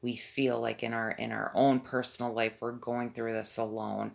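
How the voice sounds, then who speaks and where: A woman's voice: a bass voice, flat delivery, normal speed, creaky. A middle-aged woman, owner of an assisted living home, earnestly telling her viewers a spiritual testimony in a casual way. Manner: earnest, emphatic, keeps addressing viewers directly.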